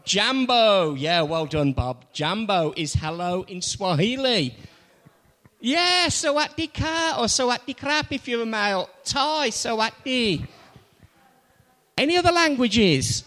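A man's voice: extremely high pitch, lively intonation, takes it slowly, pushed and bright. A man preaching a sermon, playfully quizzing the congregation and drawing them in before his message. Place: church. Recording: long church reverb.

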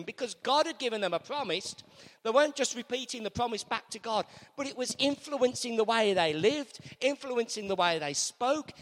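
Male preacher, high lively voice, hall reverb, call-and-response sermon. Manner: animated, repetitive call-and-response with congregation. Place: church.

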